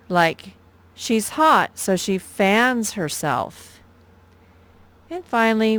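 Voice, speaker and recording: A woman teacher leading an early reading lesson for young children, patient and repeating words slowly. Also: fairly low pitch, clear, resonant tone, no echo.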